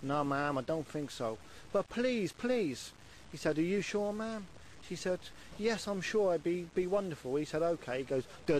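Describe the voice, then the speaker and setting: A man's voice: on the high side, lively intonation, moderate pace, slight background noise, low-quality recording. A man with a Scottish accent telling jokes on a radio phone-in, cheerfully laughing at his own punchlines. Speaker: joke-telling caller.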